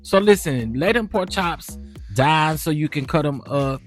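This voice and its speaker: A man cooking on camera and talking casually, chatty and lively, with a steady stream of "child" and "honey.". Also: fairly high pitch, a little slow, faint music behind. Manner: animated, chatty, keeps saying child and honey. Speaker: cooking vlogger. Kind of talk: casual cooking and gossip chat.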